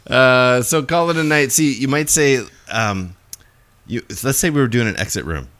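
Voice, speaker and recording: A man's voice: mid-range voice, expressive, normal speed, fairly bright tone. A man co-hosting a casual podcast, rambling and joking and laughing often. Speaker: podcast co-host. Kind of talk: casual chat.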